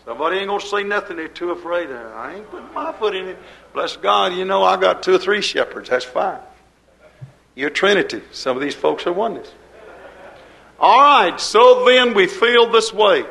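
A man with a high voice preaches a fervent sermon as pastor. He asks rhetorical questions in folksy grammar and swings between loud and hushed. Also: normal speed, gravelly, rough recording.

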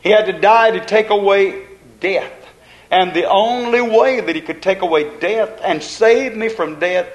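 Preacher guy, highish voice, rhythmic repeating sermon style. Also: unhurried. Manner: rhythmic preaching with repetition and rising emphasis.

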